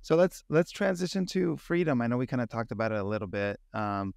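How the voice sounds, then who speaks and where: A man's voice: medium pitch, animated, a little fast, creaky, darkish tone, no room sound, studio quality. A man co-hosting a podcast, talking in a loose, rambling way with many fillers. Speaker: podcast co-host. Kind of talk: casual interview.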